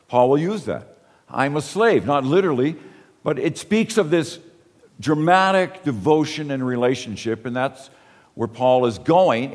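A man's voice: medium pitch, a little mellow, big-room sound. A man preaching a sermon as a pastor, earnest and asking the congregation rhetorical questions.

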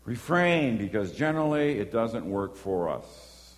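A man's voice: on the low side, measured pace. Man preaching in a reverberant hall. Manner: animated storytelling, acts out voices and horn beeps. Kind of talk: sermon with personal story.

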